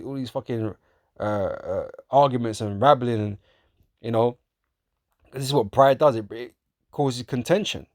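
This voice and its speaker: A man preaching in a casual, profane way, often laughing, calling listeners man and bro, and reading scripture slowly in old-fashioned wording. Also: mid-range voice, darkish tone, dry recording, clean studio sound. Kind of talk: street-style sermon, reading scripture.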